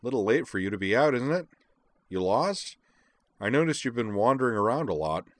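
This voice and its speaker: A man's voice: medium pitch, sing-song, brisk, no room sound, pitched above the performer's own voice, natural voice. A man voicing a burly, easygoing police sergeant in his forties as he reads a story aloud. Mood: questioning. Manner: easygoing, polite questioning. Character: burly middle-aged male police sergeant, friendly.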